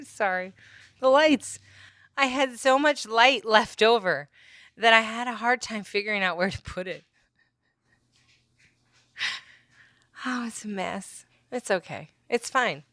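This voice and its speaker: A woman talks through her craft project in a loose, joking voice-over, full of self-mocking asides that trail off. Her voice is smooth and clear at a middling pitch. The recording is close-miked and dry. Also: fairly bright tone, no echo. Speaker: crafter narrating a build. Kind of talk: casual voice-over narration.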